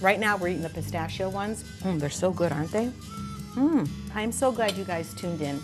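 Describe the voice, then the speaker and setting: A woman's voice: on the low side, normal speed, music in the background. An older woman hosting a cooking show, chatting enthusiastically as she demonstrates a recipe.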